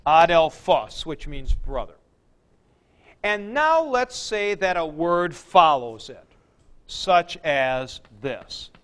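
A man teaching a class, explaining slowly with fillers and "okay?" checks to the students. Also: fairly high pitch, sing-song, fairly bright tone, smooth. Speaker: Greek teacher. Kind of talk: classroom lecture.

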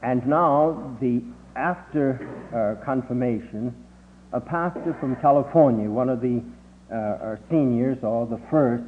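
In this oral history, an elderly man haltingly recalls his early years, often pausing with "uh" and raising his pitch to perform other people's words. A faint hum runs under the tinny, low-fidelity audio.

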